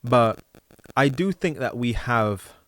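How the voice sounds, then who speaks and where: Male podcast host, London accent, animated chat, dry studio sound. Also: medium pitch, slow, no room sound. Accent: London English. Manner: animated, acts out quoted people. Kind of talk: casual conversation.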